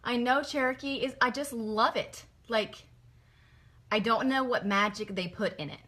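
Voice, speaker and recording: A woman's voice: a little high, moderate pace, a bit bright. A middle-aged woman, chatting through a makeup tutorial in a gushing, rambling way. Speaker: makeup vlogger.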